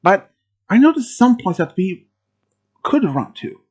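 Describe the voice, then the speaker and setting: A storyteller from Sweden telling a first-person horror story, halting, with restarts and phrasing. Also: mid-range voice, very animated, darkish tone, slightly rough, dull audio. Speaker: channel host telling a story.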